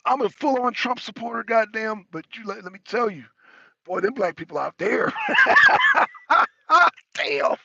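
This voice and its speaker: A man chatting loosely as a talk show panelist, animated and profane, often laughing and repeating words. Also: high voice, measured pace, gravelly, breathy edge, highs cut off. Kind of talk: casual chat.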